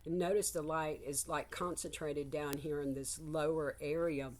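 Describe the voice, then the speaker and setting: Low-voiced older woman rambling. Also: fairly even intonation, normal speed. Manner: meandering, frank, swears casually. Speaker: psychic reader. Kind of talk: casual spiritual vlog monologue.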